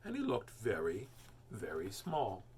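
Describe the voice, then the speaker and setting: A man reading a children's storybook aloud as host, expressive and animated. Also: on the low side, measured pace, slight background noise. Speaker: children's book reader, host.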